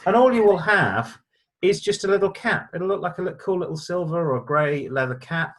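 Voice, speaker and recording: Lively, jokey middle-aged man. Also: sits high, a little fast. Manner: lively, jokey, stammering restarts. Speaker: co-host of a car show. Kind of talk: casual chat, answering viewer letters.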